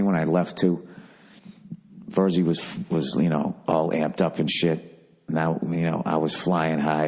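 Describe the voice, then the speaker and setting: A man's voice: very deep voice, a little mellow. A man hosting a podcast, telling a story in a casual, profane, emphatic monologue. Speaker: podcast host.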